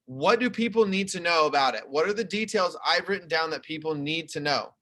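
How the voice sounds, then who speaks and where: Young male teacher, bright and slightly high voice, clear explaining tone for an online class, webcam mic. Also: a little fast. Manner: explaining, conversational, talks through slides. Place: home video call. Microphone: computer webcam mic.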